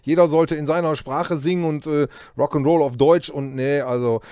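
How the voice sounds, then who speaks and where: Higher-voiced radio host, dry close sound. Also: male voice, fairly even intonation, moderate pace, dark tone, clear, resonant tone, no echo. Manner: loose, filler-heavy summarizing. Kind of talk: radio interview and recap. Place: radio studio.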